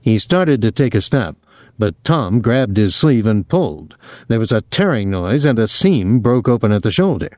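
A man's voice: on the low side, sing-song, moderate pace, darkish tone, dry recording, studio quality. A man reading a novel aloud as an audiobook narrator, giving each character a voice.

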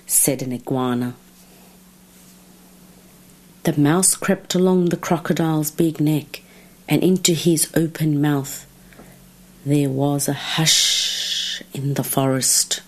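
A woman reading a children's story aloud with slow, expressive, drawn-out phrasing. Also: deep voice.

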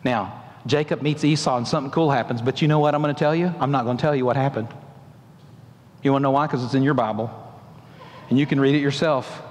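A man's voice: medium pitch, fast talker. A male pastor preaching a sermon, asking the congregation emphatic questions and acting out the voices in a story. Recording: long hall reverb.

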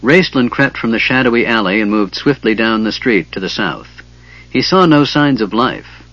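A man narrates a story in a measured, steady way. His voice is low and husky. The recording is a dull, lo-fi cassette. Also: no echo. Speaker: audiobook narrator. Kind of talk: scripted narration.

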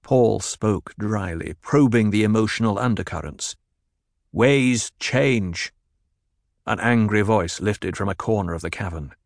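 A man reading a novel aloud in an even, measured narration. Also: lowish voice, dry recording, studio quality. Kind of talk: scripted audiobook narration.

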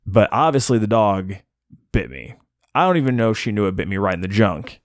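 A young man with a fairly low voice tells a story in a casual podcast chat. He is animated and self-mocking, slipping into the voices of the people he quotes. The sound is dry and close. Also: a little fast, no room sound. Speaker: podcast co-host telling a story.

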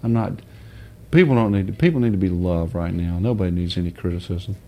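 A man delivers a casual sermon in a plain, folksy manner, swearing mildly as he sinks to low, quiet tones and then climbs to loud, high-pitched shouting. His pace is brisk.

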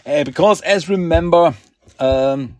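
A man hosting a podcast, recapping a comic book in a rambling, halting way with fillers. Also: fairly high pitch, a little mellow, no room sound, studio quality. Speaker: podcast host.

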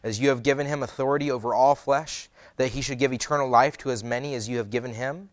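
A man preaching a sermon, reading scripture aloud and then retelling it in lively, casual words with many fillers. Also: medium pitch, quick pace, no echo. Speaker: pastor.

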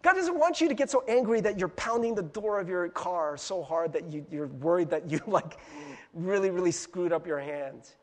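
A high, lively male pastor with a husky edge, preaching in a chatty, animated way that jumps into little acted-out inner voices. His voice rings with the long reverb of a church hall. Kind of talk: sermon.

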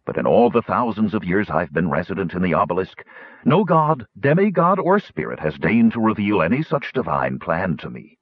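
An ancient, lonely dragon speaks in grand, formal phrases, pleading for freedom, as a man reads him. The voice is low and husky, with pitch that swoops widely. The recording sounds dull and lo-fi. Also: big pitch swings, normal speed, dry recording.

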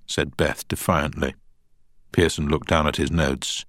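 Deep-voiced male audiobook narrator. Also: fairly even intonation, unhurried, fairly bright tone, dry recording, studio quality. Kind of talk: scripted narration.

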